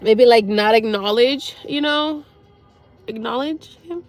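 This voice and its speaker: A young woman talking to her viewers about something painful, rambling and swearing, pausing to sigh and close to tears. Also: a little high, faint music behind. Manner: rambling, sweary, halting with sighs. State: near tears. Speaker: livestreamer. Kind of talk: emotional personal talk to viewers.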